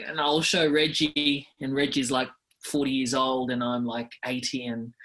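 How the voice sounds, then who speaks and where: A man's voice: medium pitch, flat delivery, moderate pace, bright, forceful tone. A man with an Australian accent, a guest reporter in a casual podcast chat, earnest and rambling, often restarting his sentences.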